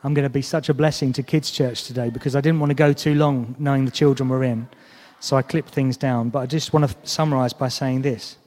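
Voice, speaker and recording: Delivering a sermon at a fairly quick pace, a man speaks in a medium pitch with a steady, darkish tone. He stays earnest and conversational, often checking in with the audience, and a long hall reverb surrounds his voice.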